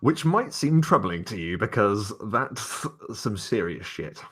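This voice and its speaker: Deep-voiced male game master, relaxed rambling narration. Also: unhurried, breathy edge. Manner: relaxed, wordy narration with fillers.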